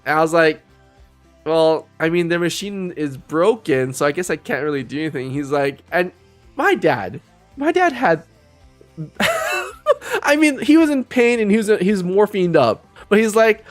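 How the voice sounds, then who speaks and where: A young man tells a story in a loose, rambling way, restarting his sentences and breaking into laughter. His voice sits a little high for a man and swings widely in pitch. Faint music plays behind him. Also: animated, normal speed. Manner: rambling, self-interrupting, laughs often. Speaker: live streamer. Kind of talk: casual storytelling.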